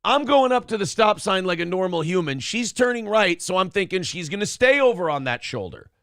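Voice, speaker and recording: A man's voice: high-pitched, fairly quick, no room sound, clean studio sound. A middle-aged man co-hosting a casual talk show, telling stories with lots of swearing. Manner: animated storytelling, swears freely. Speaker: podcast co-host. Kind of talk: casual chat.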